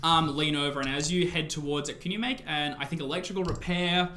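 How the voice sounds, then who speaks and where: A man's voice: fairly high pitch, a little fast, pushed and bright. A man running a tabletop horror game as game master, narrating scenes descriptively with loose fillers.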